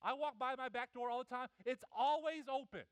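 A middle-aged man preaching a sermon, telling animated family stories and acting out the voices of his kids and wife. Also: very high voice, a little fast, smooth, no echo, poor audio. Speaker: pastor.

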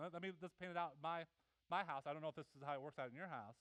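A middle-aged man preaching a sermon, telling animated family stories and acting out the voices of his kids and wife. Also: fairly high pitch, racing, dry recording, poor audio. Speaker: pastor.

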